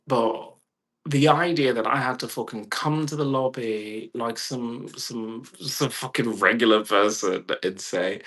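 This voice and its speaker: A man's voice: mid-range voice, unhurried, fairly bright tone. A man vlogging an emphatic, profane rant, repeating himself and swearing often. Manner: emphatic, repetitive, heavy swearing. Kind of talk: profane ranting monologue.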